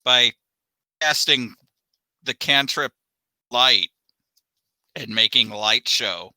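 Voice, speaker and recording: A man's voice: mid-range voice, extremely slow, sharp tone, no echo, poor audio. A man playing a tabletop game, talking in a cocky, playful way. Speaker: player. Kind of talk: tabletop role-play banter.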